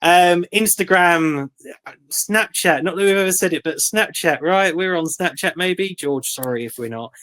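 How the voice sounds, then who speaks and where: A man's voice: high voice, moderate pace, a bit bright. A young man co-hosting a casual podcast chat, rambling and joking with lots of fillers. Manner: rambling, jokey, many fillers and laughs. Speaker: podcast co-host.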